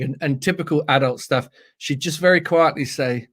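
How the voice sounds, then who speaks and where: A British man, a storyteller, telling funny anecdotes in a playful, animated way during a casual interview. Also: fairly high pitch, normal speed, few pauses. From Britain. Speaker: storyteller guest.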